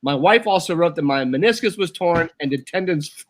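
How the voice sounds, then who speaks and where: A man co-hosting a casual talk show, chatty and eager, sometimes reading aloud haltingly. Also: a little high, expressive. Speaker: co-host. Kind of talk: casual chat.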